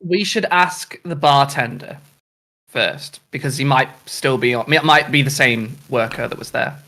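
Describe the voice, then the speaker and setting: A man's voice: mid-range voice, a little slow, pushed and bright. An English man playing a tabletop game, talking hesitantly with many ums. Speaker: player. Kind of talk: casual tabletop role-play.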